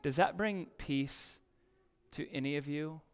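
A man's voice: a little high, a little slow. A man preaching a sermon as a pastor, reading scripture emphatically and asking the congregation questions.

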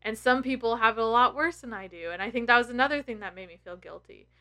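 Bright-voiced woman in her thirties, swearing freely. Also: a little high, fast. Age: 30s. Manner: emotional, blunt and heavy on swearing. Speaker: tarot content creator. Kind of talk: candid personal vlog.

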